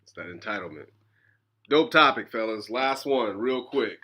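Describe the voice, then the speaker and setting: Male talk host, animated pitch, bright tone, moderator energy. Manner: lively, moderating, quick agreeing interjections. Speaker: podcast host. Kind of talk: casual chat.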